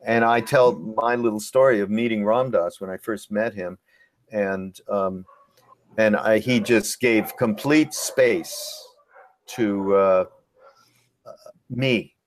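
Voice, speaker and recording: A man hosting a webinar Q&A, speaking reflectively and unhurriedly, often pausing to search for words. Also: on the low side, fairly even intonation. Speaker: host. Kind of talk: webinar Q&A conversation.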